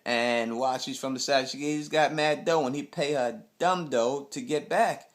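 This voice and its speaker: A man's voice: medium pitch, normal speed. A young man from Queens, giving a casual, rambling TV episode recap full of blunt street slang. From Queens, New York. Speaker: TV recap host.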